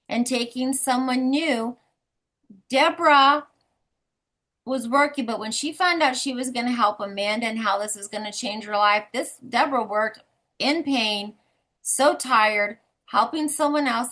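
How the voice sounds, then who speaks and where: A woman's voice: medium pitch, bright, forceful tone. A woman leading a sales team on a motivational call, talking bluntly and emphatically, often laughing.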